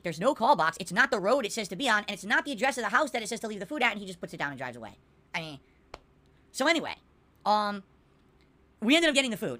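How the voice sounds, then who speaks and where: Woman podcaster ranting fast at home, bright sharp voice, fed up. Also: medium pitch. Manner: exasperated, talks to chat viewers. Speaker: podcast host. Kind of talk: casual livestream rant. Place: home room with blinds.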